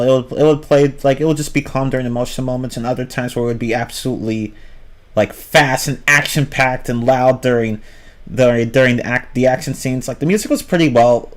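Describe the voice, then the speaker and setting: A young man rambling casually through a film review on a livestream, often restarting his sentences, swearing now and then and reacting to chat. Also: medium pitch. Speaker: livestream host reviewing films.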